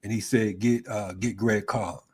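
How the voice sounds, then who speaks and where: A man hosting an interview in a relaxed way, asking long rambling questions full of fillers. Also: fairly low pitch, a little slow, husky. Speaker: host. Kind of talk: casual interview talk.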